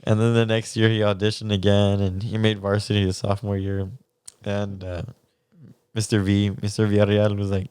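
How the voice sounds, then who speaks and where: A man's voice: fairly low pitch, monotone, moderate pace, darkish tone, clean tone, dry recording, studio quality. Laid-back young man telling stories, laughing. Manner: laughs often, swears casually, acts out quotes. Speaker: podcast co-host. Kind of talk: casual storytelling chat.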